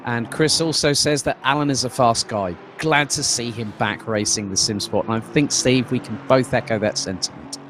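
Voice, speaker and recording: A man's voice: mid-range voice, moderate pace, fairly bright tone, slight background noise. A man doing lead commentary on a sim race stream, chatty and loose, with fillers and restarts. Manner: conversational, fillers and restarts, reads out viewer comments.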